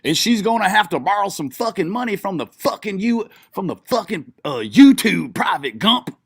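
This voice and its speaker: High-pitched yet gravelly with a breathy edge, a streamer's voice swings widely in pitch at a moderate pace. He mocks a live video he's watching, swearing and laughing frequently. The audio is clean studio sound with no echo.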